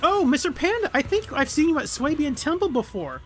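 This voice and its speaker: A streamer voicing a peppy young female idol in a game, bouncy and excitable, over quiet music. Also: sits high, fairly quick, voice pushed up. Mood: eager. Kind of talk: voicing game dialogue aloud.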